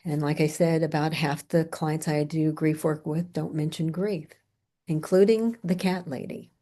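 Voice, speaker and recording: A middle-aged woman grief therapist giving a training lecture, telling client stories in a soft-spoken, unhurried way that sometimes drops close to a whisper. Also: low voice, fairly even intonation.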